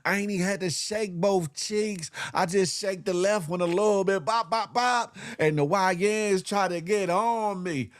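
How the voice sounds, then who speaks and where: A man voicing a brassy, bragging older woman who talks loud and sassy with drawn-out phrasing. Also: high voice.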